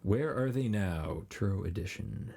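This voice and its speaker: A man's voice: on the low side, lively intonation, unhurried, vocal fry, warm tone, a little hiss or hum. A man guesting on a podcast, making dry, brief remarks in casual chat.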